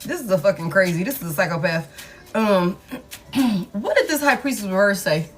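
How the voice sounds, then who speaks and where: A woman's voice: mid-range voice, lively intonation, moderate pace, soft background music. A woman giving a casual tarot reading who talks bluntly and emphatically, swears freely and repeats her points. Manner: emphatic, blunt, repeats phrases, lots of profanity. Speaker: tarot reader.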